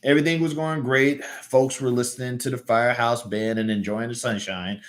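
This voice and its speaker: A man's voice: medium pitch, fairly even intonation, normal speed, natural voice. A man with a Southern US accent voicing an earnest, good-natured little male cartoon hero telling a story.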